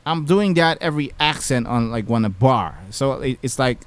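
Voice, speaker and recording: A man's voice: mid-range voice, moderate pace. A man, a music producer talking casually through a beat-making tutorial with lots of fillers. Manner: relaxed, chatty, many fillers. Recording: music playing behind the voice.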